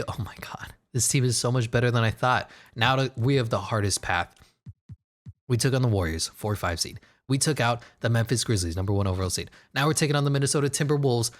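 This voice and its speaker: A man with a fairly low voice runs through his basketball video game in loose, casual commentary. He talks to himself, jumps between deadpan asides and sudden bursts of excitement, and swears and laughs freely along the way. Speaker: gaming commentator.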